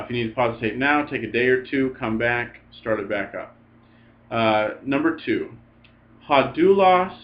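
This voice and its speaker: A man teaching a recorded Greek lesson, speaking slowly and methodically, saying each word twice as he explains it. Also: medium pitch, highs cut off. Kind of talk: recorded lecture. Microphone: recorded for a video lesson.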